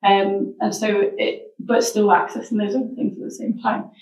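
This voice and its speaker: A woman's voice: medium pitch, little pitch movement, normal speed, a little mellow. A woman being interviewed about her wellbeing social enterprise, talking reflectively and searching for her words. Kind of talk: casual interview chat. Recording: roomy sound, mic at a distance.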